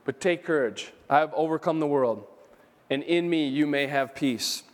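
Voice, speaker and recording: A man's voice: on the high side, normal speed. A man pastor preaching an earnest, emphatic sermon in a church, repeating key phrases for emphasis. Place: church sanctuary. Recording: long hall reverb.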